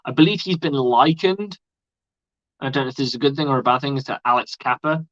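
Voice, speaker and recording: A man's voice: medium pitch, a little fast, no echo. A man hosting a live stream with casual sports commentary, rambling and chatty and swearing freely. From outside the United States. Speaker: livestream host. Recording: dull lo-fi dry sound.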